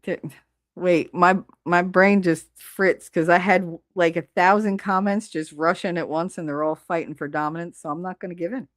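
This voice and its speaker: A woman's voice: lowish voice, steady tone, moderate pace, no room sound, studio quality. A middle-aged woman hosting a live stream, chatting casually and bluntly, swearing freely while she reads viewers' comments.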